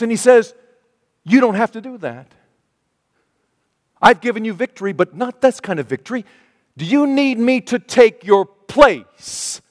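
A male pastor preaching a sermon, acting out a story with voices and swinging between hushed and loud passages. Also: very high-pitched, no echo, studio quality, big-room sound.

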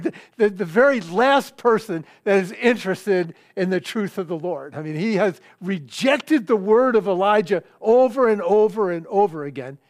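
An older man preaching a sermon, reading scripture and telling a story in a halting, conversational way with fillers and restarts. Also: high-pitched, lively intonation, no room sound, studio quality.

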